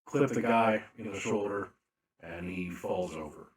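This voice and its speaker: Low, slow-talking male game master. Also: reverberant. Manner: slow, deliberate narration with fillers. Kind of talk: narrating a tabletop game.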